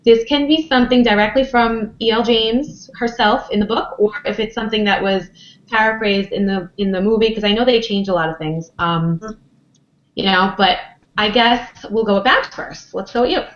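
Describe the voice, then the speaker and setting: A woman's voice: mid-range voice, moderate pace, roomy sound, lo-fi sound. A woman hosting a podcast, leading a casual chat about a book. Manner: chatty, leads the discussion. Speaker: podcast host.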